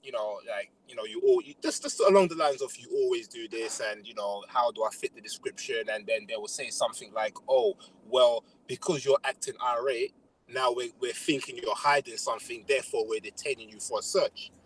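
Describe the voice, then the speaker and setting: A man's voice: medium pitch, fairly quick, husky, rough recording. Slangy London man telling a story. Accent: London English. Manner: animated storytelling, heavy slang fillers. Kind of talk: casual chat.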